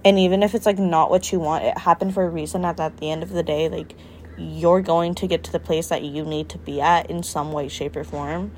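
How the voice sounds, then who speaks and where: Blunt, animated young woman podcaster. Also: sits low, a little fast, a little hiss or hum. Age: young adult. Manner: animated, blunt, swears and jokes. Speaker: podcast co-host. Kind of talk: casual chat.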